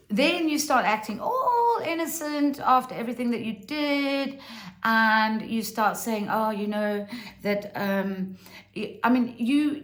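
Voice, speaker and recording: Woman, reality TV reviewer, sarcastic, theatrical, unhurried, roomy echo. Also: on the high side. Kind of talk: casual review commentary.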